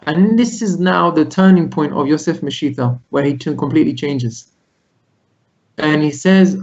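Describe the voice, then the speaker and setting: Over a video call, a rabbi with a somewhat high voice tells his congregation a Torah story at a normal speed. He retells it animatedly, voicing the characters' lines as he goes, and the audio has its highs cut off.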